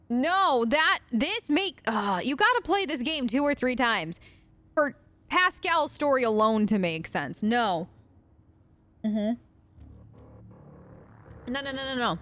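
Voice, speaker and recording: A woman's voice: high voice, expressive, slow pace, long pauses, a bit bright. Chatty woman narrating a game. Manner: chatty, reads dialogue with restarts and asides. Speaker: let's play host. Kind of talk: casual gameplay commentary reading game text aloud.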